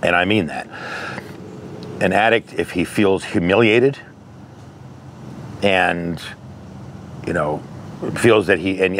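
Deep-voiced man giving frank advice. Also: a bit bright, slight background noise. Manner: candid, conversational, storytelling with anecdotes. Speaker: interventionist. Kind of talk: advice monologue.

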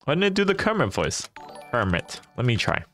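A man's voice: mid-range voice, wildly swooping pitch, a little fast, fairly bright tone, soft background music. A young man live-streaming a game, chatting casually and animatedly with his viewers and laughing often.

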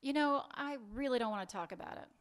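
A biting, sarcastic wife with a high, sharp voice, as a male author reads her lines. She presses hard and mocks, cutting through every dodge in this dialogue from a literary reading. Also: quick pace, clear, resonant tone. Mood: irritated. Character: sharp-tongued woman, wife, bitter and sarcastic. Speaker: fiction author reading aloud.

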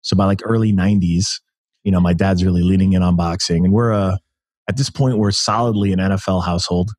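An American man in his thirties, a podcast guest telling stories in an animated way, laughing often and restarting his sentences. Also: deep voice, a little fast, dry recording, studio quality. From United States. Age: 30s. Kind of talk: casual interview conversation.

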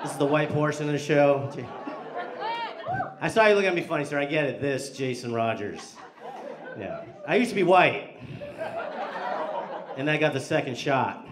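A man's voice: on the high side, lively intonation, moderate pace, long pauses, a crowd in the background. Crude, profane male stand-up comic. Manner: crude, profane, teasing the audience. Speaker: stand-up comedian. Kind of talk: stand-up comedy with crowd work. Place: live comedy club. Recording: echoey club, loud background noise.

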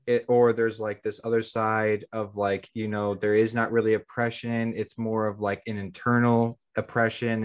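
A man chatting loosely as a podcast co-host, his voice sitting a little low. He rambles, fills his talk with "like" and keeps restarting sentences as he works out his point. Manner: rambling, heavy use of "like". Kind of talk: casual podcast chat.

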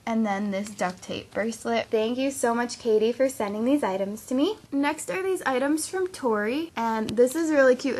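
A teenage girl vlogging as she unboxes fan mail, chatty and easily excited. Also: a little high, a little hiss or hum. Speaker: craft vlogger.

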